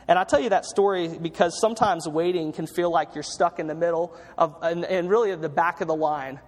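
Male pastor, high-pitched, chatty preaching with restarts, long hall reverb in a church. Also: a little fast. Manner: conversational preaching with frequent restarts and repeated words. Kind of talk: sermon.

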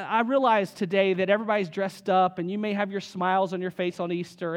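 A man with a high voice preaches to a church congregation. He keeps it casual and plain-spoken, with rhetorical questions and an easy bit of humor. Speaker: pastor. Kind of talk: sermon.

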